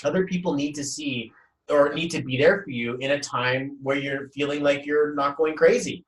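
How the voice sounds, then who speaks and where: A young man hosting a casual motivational live talk, energetic and rambling, often repeating words as he speaks at home. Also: on the high side, normal speed, slight background noise. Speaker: host. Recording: roomy echo, voice from a distance.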